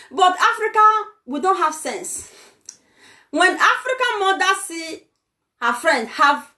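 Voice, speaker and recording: High, animated Nigerian woman ranting. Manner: heated, scolding, exclamatory. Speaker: vlogger. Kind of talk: ranting vlog monologue.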